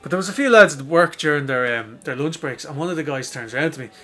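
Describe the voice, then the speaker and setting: A young man with a Dublin accent telling a rambling, animated story in casual podcast chat, swearing freely and acting out other people's lines. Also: on the high side, fast. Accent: Irish, Dublin. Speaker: podcast co-host.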